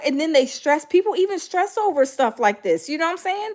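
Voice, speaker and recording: This middle-aged woman hosts a casual chat for live viewers, speaking high-pitched, a little fast, and with hardly any pauses. She's animated, acts out other people's voices, and fills her talk with fillers.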